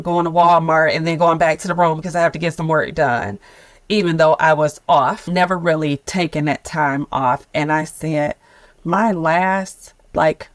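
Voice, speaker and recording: Laughing frequently, a woman in her fifties who leads a nonprofit opens up on a podcast about her sabbatical, speaking candidly and expressively. Her voice sits low, with no room sound.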